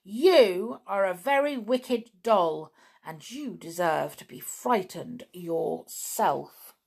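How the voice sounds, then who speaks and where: A woman's voice: lowish voice, expressive, unhurried. A woman voicing a clever, stern male toy clown in a storybook reading, fierce and scolding.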